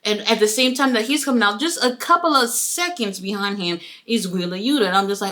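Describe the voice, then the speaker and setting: Woman, casual wrestling recap, bright voice, animated, swears a lot. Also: mid-range voice, fairly quick, hardly any pauses. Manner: animated, profane, acts out quotes. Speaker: wrestling reviewer. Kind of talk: casual video review.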